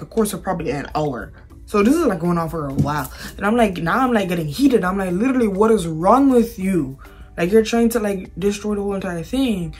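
A woman vlogger telling a story in a casual, animated way, acting out what people said with exasperation. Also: mid-range voice.

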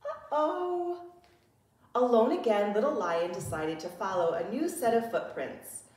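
A preschool teacher, a woman, reading a picture book aloud to young children, slow and expressive with gasps and questions to her listeners. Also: mid-range voice. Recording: very echoey room, distant mic.

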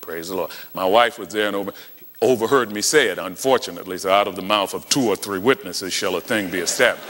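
Male preacher, animated storyteller who acts out dialogue, bright voice, long hall reverb. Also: low-pitched, quick pace. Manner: dramatic storytelling, acting out dialogue. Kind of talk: sermon.

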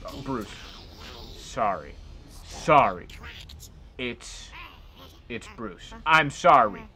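A man's voice: medium pitch, big pitch swings, very slow, sharp tone. A man giving playful gameplay commentary as a streamer, joking and talking back to the game characters. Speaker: let's play streamer.

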